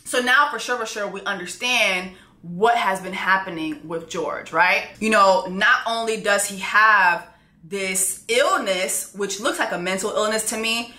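A woman recapping a TV show in a brash, animated manner, swearing freely as she goes. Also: medium pitch, a little slow. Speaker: show reaction host. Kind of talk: profane TV recap commentary. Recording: echoey room.

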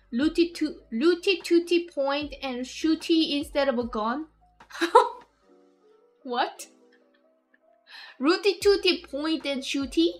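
Lady streaming, high voice, rambles n giggles, keeps restarting. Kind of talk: casual live-stream chat.

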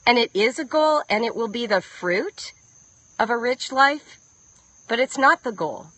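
Brief: woman, 50s, homeschool coach, high bright voice, earnest and heartfelt, dry close phone mic. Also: no room sound, poor audio. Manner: earnest, emotional, repeats key lines for emphasis. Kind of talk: live-streamed motivational talk.

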